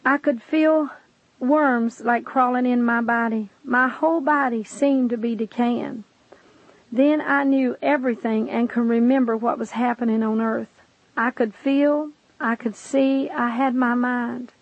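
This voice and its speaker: An impassioned woman reads a dramatic first-person testimony and speaks directly to her listener. Her voice sits fairly high for a woman. The recording sounds dull and lo-fi, and it is dry, with no room echo. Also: steady tone, measured pace. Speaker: narrator giving a testimony.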